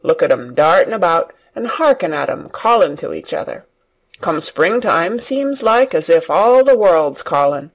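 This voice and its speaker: Cheerful farm lad talking broad dialect, lively up and down voice, reader doing him. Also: mid-range voice, moderate pace. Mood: eager. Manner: broad country dialect, eager. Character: cheerful Yorkshire farm boy, nature-loving. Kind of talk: audiobook reading for learners.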